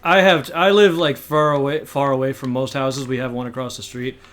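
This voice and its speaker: A man's voice: mid-range voice, steady tone, a little fast, fairly bright tone. A young man talking casually as a podcast co-host, rambling and restarting his sentences as he thinks aloud.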